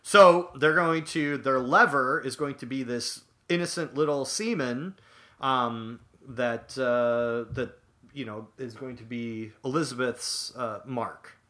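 Bright-voiced man, halting recap. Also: medium pitch. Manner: halting, repeats words, searches for names. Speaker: podcast co-host. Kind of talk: casual chat recapping a TV episode.

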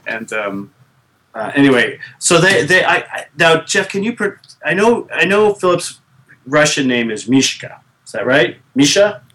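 A man's voice: on the high side, sing-song, normal speed, pushed and bright. A man in his thirties co-hosting a podcast, chatting casually with many restarts and fillers. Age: 30s. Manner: rambling, with many restarts and fillers, laughs easily. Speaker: podcast co-host. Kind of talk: casual chat.

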